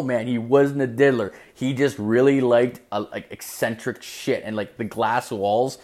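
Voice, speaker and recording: A man's voice: medium pitch, fairly even intonation, measured pace, hardly any pauses, a little mellow. Rambling, profane young man telling a story. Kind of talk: casual comedic storytelling.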